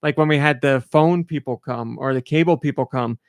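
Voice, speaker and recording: A man hosting a casual podcast, telling stories in an animated way and acting out quotes. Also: mid-range voice, a little fast, smooth, dry recording, clean studio sound. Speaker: podcast host.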